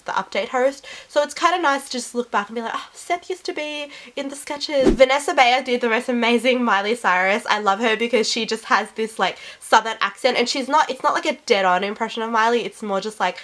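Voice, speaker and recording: A woman's voice: mid-range voice, fairly bright tone. A woman vlogger chatting casually and gushing, with lots of "like" fillers. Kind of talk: casual chat.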